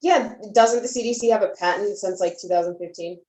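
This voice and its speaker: A woman's voice: mid-range voice, brisk, a little mellow, roomy sound, low-quality recording. A woman co-hosting a satirical talk show, teasing and sarcastic, who fills her lines with "like.". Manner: sarcastic, teasing, uses "like" a lot. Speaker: co-host.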